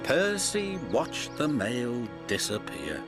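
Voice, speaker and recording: A man's voice: medium pitch, huge pitch swings, takes it slowly, over loud music. Man reading a storybook aloud. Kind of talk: storybook narration.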